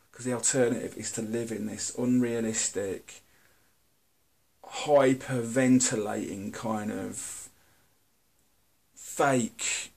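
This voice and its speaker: Earnest British man, halting. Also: on the low side, a little mellow. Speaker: video host. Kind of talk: candid monologue to camera.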